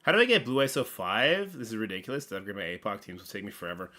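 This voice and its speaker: A man hosting a casual gaming livestream, rambling playfully with sudden loud bursts and mumbled asides. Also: fairly low pitch, animated, rapid-fire.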